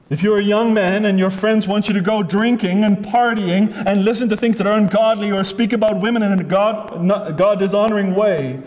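A man preaching with a high, bright-pitched voice, hammering his points through repetition. His words ring out with a long reverb in a big church hall. The delivery is a full sermon, insistent and earnest. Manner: emphatic, repetitive, acts out voices in asides.

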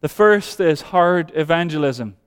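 High, emphatic preacher man in a hall. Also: lively intonation, measured pace, clean tone. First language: Dutch. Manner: emphatic, repeats phrases, drops to soft low voice then rises. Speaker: pastor. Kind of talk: sermon. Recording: long hall reverb.

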